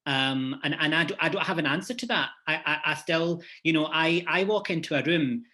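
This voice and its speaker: Scottish man, panelist, fairly high bright voice, earnest, stop-start delivery. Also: fairly quick. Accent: Scottish, Glasgow. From Scotland. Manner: earnest, many repeated restarts. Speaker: panelist, head of university department. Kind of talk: conference panel discussion.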